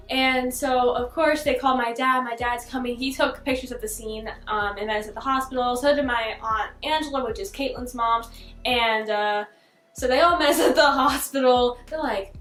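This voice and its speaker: A young woman vlogger telling a childhood story in a casual, animated way, laughing often and full of fillers. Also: high voice, brisk. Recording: echoey room with faint music.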